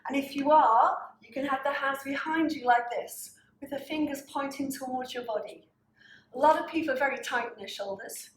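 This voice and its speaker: A woman's voice: sits high, moderate pace, echoey room, rough recording. A woman teaching a pilates class, cueing breaths and counting reps while slightly out of breath. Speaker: pilates instructor. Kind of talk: guided workout instruction.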